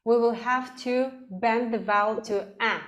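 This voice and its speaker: A woman teaching vocal technique in an online class, explaining slowly and singing sample words. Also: fairly high pitch, fairly even intonation, a bit bright, muffled recording. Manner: slow, demonstrative, sings sample words.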